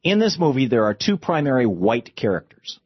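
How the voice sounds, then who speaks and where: A man's voice: mid-range voice, sing-song, normal speed, husky, dry recording. A man delivering a political commentary monologue, impassioned and with sarcastic asides. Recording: dull lo-fi dry recording.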